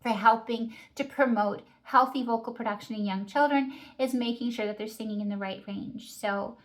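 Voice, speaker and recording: A woman's voice: on the high side, normal speed. A woman who teaches early childhood music, explaining singing techniques in a patient, practical way. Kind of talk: instructional talk.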